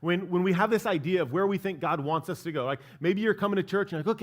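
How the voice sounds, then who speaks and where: A man's voice: high-pitched, fairly quick, few pauses. A man preaching a sermon as pastor of a church, talking in a casual, conversational way and often checking in with "right?". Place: church sanctuary.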